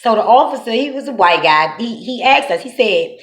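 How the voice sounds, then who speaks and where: A woman's voice: on the high side, brisk, hardly any pauses. Dc-woman telling crazy stories, cussing, voice bouncing all over, echoey room. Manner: animated, profane, slangy. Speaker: vlogger. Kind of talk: casual storytelling.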